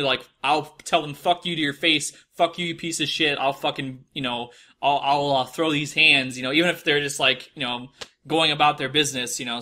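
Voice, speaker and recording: Young man, midwestern accent, bright tense tone, swearing, rambling, slightly high voice. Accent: Midwestern American. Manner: profane, rambling, mocks people in put-on high voices. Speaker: podcast host. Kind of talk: casual storytelling monologue.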